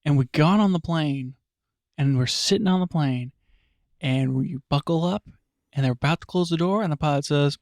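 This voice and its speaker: A man's voice: a little high, moderate pace, darkish tone, no echo, studio quality. A man hosting a podcast, chatting in a rambling, self-mocking way with frequent laughs. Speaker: podcast host. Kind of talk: casual chat.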